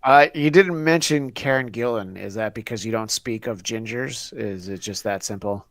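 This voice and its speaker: A man's voice: on the low side, normal speed, no room sound. A man hosting a podcast in casual chat, joking and rambling with sarcastic asides. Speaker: podcast host.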